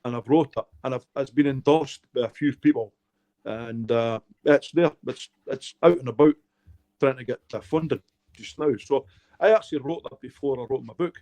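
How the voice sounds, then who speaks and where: A man's voice: medium pitch, moderate pace, darkish tone. A middle-aged Scottish man, an author being interviewed, telling his life stories in a heartfelt, emotional way. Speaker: author guest. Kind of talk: candid storytelling interview.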